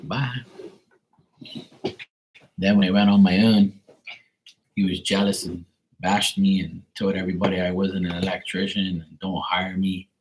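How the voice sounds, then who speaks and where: A man's voice: low-pitched, normal speed, a little hiss or hum, rough recording. A middle-aged man hosting a livestream, chatting casually and greeting viewers by name. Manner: relaxed, chatty, reads out viewers' names. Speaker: tarot reader on a livestream.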